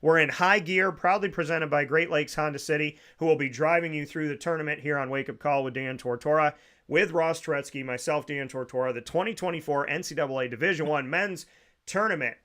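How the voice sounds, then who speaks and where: A man's voice: a little high, a little fast, bright, forceful tone. A man hosting a casual sports talk show, upbeat, chatty and sincere.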